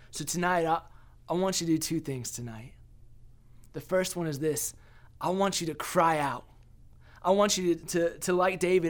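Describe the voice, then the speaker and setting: A young man giving an earnest sermon as a pastor, often restarting and repeating words. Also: a little high.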